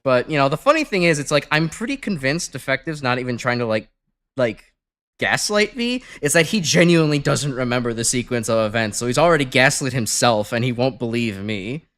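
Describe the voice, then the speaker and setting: A man's voice: medium pitch, animated, a little fast, fairly bright tone. A young man streaming a game from home, chatting casually, rambling and swearing with lots of fillers. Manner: rambling, swears often, many fillers, laughs easily.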